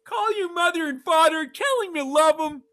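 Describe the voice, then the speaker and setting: A man's voice: extremely high pitch, moderate pace, fairly bright tone, dry recording, studio quality, pitched above the performer's own voice. A man putting on an old male football coach giving folksy, pious pep talks. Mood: rousing. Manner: sermonizing pep-talk cadence.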